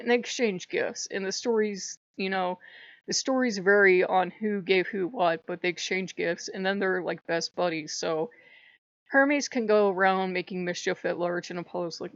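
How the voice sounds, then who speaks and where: A woman hosting her channel, telling myths casually with an animated, irreverent manner, on a dull lo-fi recording. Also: mid-range voice, moderate pace, no room sound. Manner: animated, irreverent, laughs often. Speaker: channel host. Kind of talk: casual mythology storytelling.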